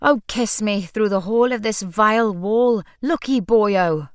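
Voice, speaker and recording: A woman voicing a cheeky young man who teases loudly in a mock Welsh accent, in an audiobook. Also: medium pitch, a little slow, smooth, no room sound, studio quality, lightly acted. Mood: teasing.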